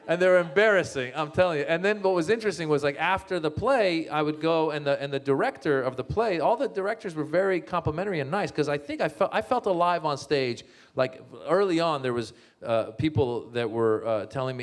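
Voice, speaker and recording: A man's voice: mid-range voice, fairly quick. A man who grew up in Northern California and speaks, telling comic stories about his family and laughing often. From born in Iran, grew up in Northern California. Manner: animated, laughing, acts out family members' voices. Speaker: comedian and author, guest speaker. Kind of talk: comic storytelling talk.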